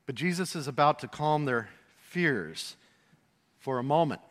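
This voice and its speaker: A man preaching a sermon, animated, acting out voices and shouting for emphasis. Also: a little high, unhurried. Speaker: pastor. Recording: long hall reverb.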